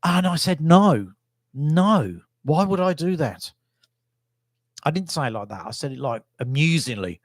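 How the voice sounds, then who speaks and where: A man's voice: on the high side, very animated, unhurried, pauses often, no echo, studio quality. A middle-aged man from England telling stories from his youth in a casual, rambling, self-deprecating vlog monologue. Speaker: vlogger.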